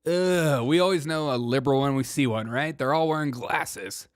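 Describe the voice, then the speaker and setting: A man's voice: fairly high pitch, moderate pace, dry recording, studio quality. A male show host riffing on political clips with a loose, irreverent delivery and frequent laughter. He reads viewer chat messages aloud and jokes about them as he talks into a streaming mic. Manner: laughs often, mocking and irreverent. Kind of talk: comedic political commentary.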